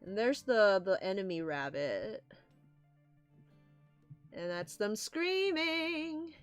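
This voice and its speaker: A young woman casually reading a comic aloud and commenting, animated and excitable. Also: mid-range voice, slow pace, clear, resonant tone, soft background music. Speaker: comic reader.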